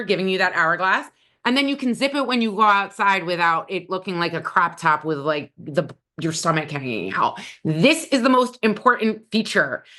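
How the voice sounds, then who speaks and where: A woman's voice: medium pitch, pushed and bright. A middle-aged woman stylist giving blunt, opinionated fashion advice in a casual how-to talk.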